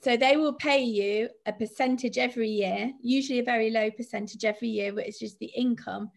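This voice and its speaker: Woman with a high-ish voice explaining finance. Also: brisk, vocal fry. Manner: explanatory, steady, thinks aloud with fillers. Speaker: financial adviser. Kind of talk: presenting a finance talk.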